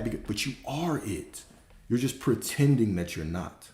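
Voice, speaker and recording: A man's voice: medium pitch, animated, moderate pace, darkish tone. A man who works as a spiritual coach, giving a casual, emphatic livestream talk that repeats its points and swears freely. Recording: roomy echo.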